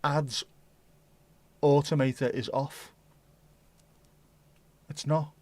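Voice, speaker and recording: A man hosting a casual livestream, rambling and thinking out loud as he chats to his viewers. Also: a little high, fairly even intonation, extremely slow, dry recording. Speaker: livestream host.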